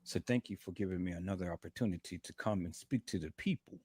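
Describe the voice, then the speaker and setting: Man hosting a livestream from his bed, hurting, preaching thanks in a husky, dry, close-miked voice. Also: low voice, fast talker, mellow, no room sound. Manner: fervent, repetitive, calls viewers "peoples". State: in pain, lying in bed. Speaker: livestream host. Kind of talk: preachy testimony to viewers.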